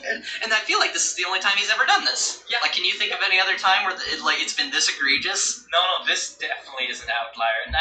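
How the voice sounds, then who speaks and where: High-pitched, pushed, and bright, this podcast host rants in exasperation during a casual chat, laughing now and then. The sound is echoey and distant, with music playing underneath.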